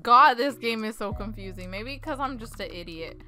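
A young woman giving casual, excitable gameplay commentary, often breaking into shrieks and laughter. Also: on the high side, normal speed. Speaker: gaming YouTuber.

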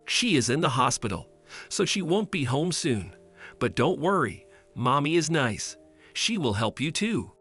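A man's voice: a little high, very animated, unhurried, a bit bright, husky, faint music behind, heavily acted. Sweet little girl, as a man puts her on. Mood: earnest. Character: sweet sad little girl, kind and eager.

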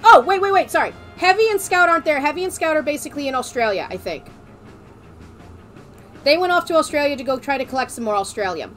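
A woman streamer chatting casually, excitable and rambling, often breaking into giggles. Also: high-pitched, fast, soft background music. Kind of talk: casual chat.

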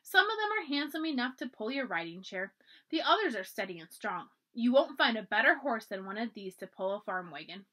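A woman's voice: fairly high pitch, sing-song, fairly quick, bright, forceful tone, exaggerated voice. A woman voicing a blunt, hearty older colonial horse trader in a storybook reading, speaking plainly and firmly. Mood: earnest.

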